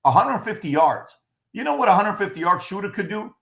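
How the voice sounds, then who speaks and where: A man's voice: high-pitched, big pitch swings, fairly quick, gravelly, a bit bright, echoey room. A man hosting a podcast, talking emphatically and firing off repeated rhetorical questions. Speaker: podcast host. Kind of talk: animated podcast commentary.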